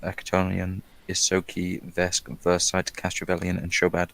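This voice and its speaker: A man's voice: low-pitched, monotone, moderate pace, vocal fry, fairly bright tone. A man playing in a tabletop game, hesitant and reading items off a list. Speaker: player. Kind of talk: casual tabletop play.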